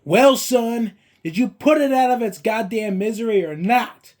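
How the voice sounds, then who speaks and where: A man voicing a stern, quick-tempered small-town sheriff father who talks in clipped, hard phrases. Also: fairly high pitch, close to an everyday voice. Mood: yelling. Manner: clipped and hard, flaring into yelling.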